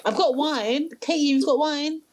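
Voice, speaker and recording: A woman's voice: sits high, moderate pace. A woman co-hosting a podcast, chatting casually and easily amused. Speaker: podcast co-host. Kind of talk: casual chat.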